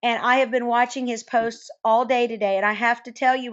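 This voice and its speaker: A woman hosting a sales webinar, upbeat and effusive, talking quickly with fillers. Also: a little high, fairly even intonation, dull audio. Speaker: webinar host.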